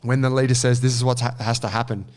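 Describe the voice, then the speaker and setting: A man, co-hosting a casual chat and telling an animated, sweary story. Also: medium pitch, quick pace. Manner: animated storyteller, swears freely, acts out quotes. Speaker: podcast co-host.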